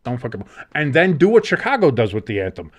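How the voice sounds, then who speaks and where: A man's voice: medium pitch, big pitch swings, fast talker. A man co-hosting a casual sports podcast, rambling and swearing freely with lots of fillers. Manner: profane, rambling, heavy fillers. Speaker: podcast co-host.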